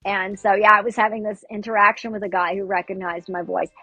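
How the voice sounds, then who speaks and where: Woman voice actor, husky, fairly high voice, dry close sound, chatty anecdote over soft music. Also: a little fast, dry recording, rough recording. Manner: chatty, animated retelling. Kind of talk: casual storytelling.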